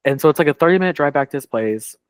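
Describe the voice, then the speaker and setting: A man's voice: on the high side, expressive, racing, clean tone, no room sound. A man co-hosting a podcast, telling a long story in casual chat, full of "like" and quoted dialogue. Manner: rambling, heavy on "like", quoting others. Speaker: podcast co-host.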